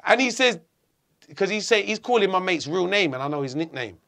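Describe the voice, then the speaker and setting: A middle-aged man from England, telling a story in an interview, animated and swearing a lot. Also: sits high, fast, creaky. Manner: animated, swearing, acts out voices. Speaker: guest.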